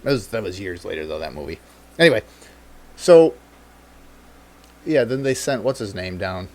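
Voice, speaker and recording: A man's voice: fairly low pitch, expressive, normal speed, a little hiss or hum. A man hosting a casual podcast chat, rambling and swearing freely, laughing often and reading snippets aloud. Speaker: podcast host.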